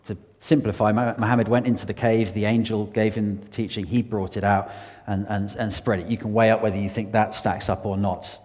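A man answering faith questions in an earnest, animated way, often acting out the people he quotes. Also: fairly low pitch. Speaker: Christian speaker answering questions. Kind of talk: unscripted Q&A explanation. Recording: long hall reverb.

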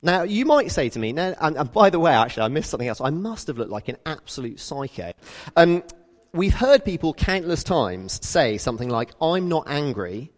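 A British man giving a conversational sermon, telling stories in a lively way and acting out the people in them. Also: on the high side, a little fast, big-room sound. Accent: British English. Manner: lively storytelling, acts out quoted people. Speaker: preacher.

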